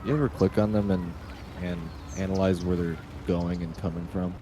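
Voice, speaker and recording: A man's voice: deep voice, fairly even intonation, normal speed, noisy background. A man in casual group chat, asking pointed questions and swearing casually. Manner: inquisitive, blunt, swears casually.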